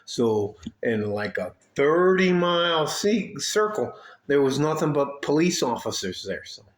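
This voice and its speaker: An older man from Detroit telling rambling, profane army stories in a casual way, with frequent asides and throat clearing. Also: fairly high pitch, sing-song, a little slow. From Detroit, USA. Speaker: army veteran storyteller. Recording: echoey room.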